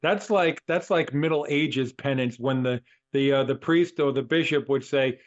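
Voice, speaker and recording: A man's voice: medium pitch, normal speed, hardly any pauses, muffled recording. A man co-hosting a radio show, musing reflectively about faith.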